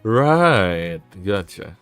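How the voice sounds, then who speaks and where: A man's voice: lowish voice, sing-song, very slow, a bit bright, clear, resonant tone, no echo, soft background music. A man with a sore throat, hosting a casual live stream, rambling and often interrupting himself. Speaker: VTuber streamer and host.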